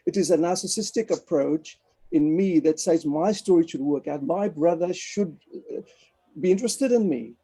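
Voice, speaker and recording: Participant, man, high mellow husky voice, earnest, video call. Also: normal speed. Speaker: group participant. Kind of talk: casual group discussion on a video call.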